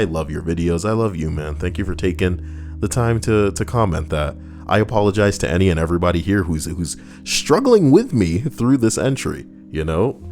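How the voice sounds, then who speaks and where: A man's voice: low-pitched, darkish tone. A man reading stories aloud as a host, breaking off for sarcastic, rambling comic asides. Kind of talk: comedic reading with commentary.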